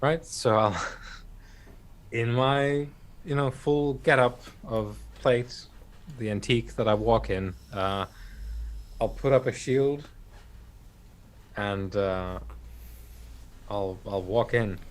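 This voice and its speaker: Slow, hesitant player man. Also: fairly low pitch. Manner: hesitant, many ums. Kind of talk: casual tabletop play.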